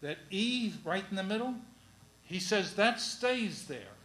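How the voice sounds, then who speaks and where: Slow, bright-voiced male teacher. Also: sits high, lively intonation, roomy sound, rough recording. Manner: slow, deliberate, with many pauses and fillers. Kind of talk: classroom lecture on verse.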